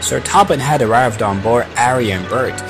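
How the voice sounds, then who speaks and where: A man narrates a children's story in a lively scripted way and gives every character a voice of its own. His pitch sits in the middle range. Music plays steadily underneath. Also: normal speed. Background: background music.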